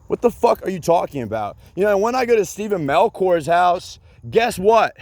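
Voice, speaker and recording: A man's voice: high-pitched, very animated, moderate pace, a little mellow, no room sound, clean studio sound. A man in a rambling solo rant, agitated and profane, repeating himself with many fillers and bits of sarcasm.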